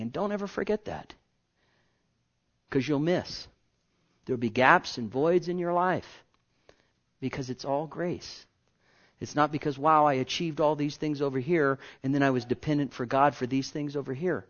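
A man preaching a sermon in an earnest way, swinging from soft, drawn-out phrases to emphatic ones and repeating key words. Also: a little high. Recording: dull lo-fi recording.

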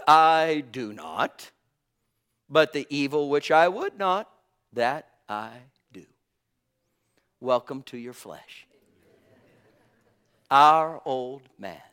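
His voice sits a little high as he preaches, leaning hard on long, drawn-out phrases. Loud bursts give way to hushed asides, and now and then he lets out a chuckle.

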